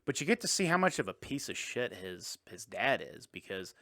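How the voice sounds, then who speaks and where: A man co-hosting a casual movie podcast, recapping scenes in a relaxed, crude way. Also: fairly low pitch, vocal fry, no room sound. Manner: laid-back, crude, recaps scenes with quick impressions. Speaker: podcast co-host.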